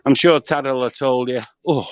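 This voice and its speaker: A man's voice: medium pitch, steady tone, moderate pace, clear, resonant tone, dull audio. A man teasing a friend over a video call from an outdoor garden in the heat, blunt and full of banter. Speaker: guest calling in. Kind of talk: casual chat on a video call. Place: outdoor garden in a hot climate.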